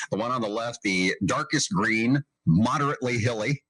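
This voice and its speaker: Chuckling husky radio host. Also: male voice, mid-range voice, normal speed, a bit bright, no room sound, low-quality recording. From Northeast Indiana. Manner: amused, chuckling often while reading. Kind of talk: casual radio chat.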